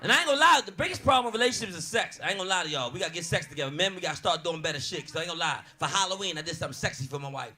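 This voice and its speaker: A man's voice: high-pitched, animated, rapid-fire, hardly any pauses, bright, forceful tone. A man in his forties performing a brash, profane stand-up comedy set, with an audience laughing along. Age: 40s. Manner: brash, profane, punchy storytelling.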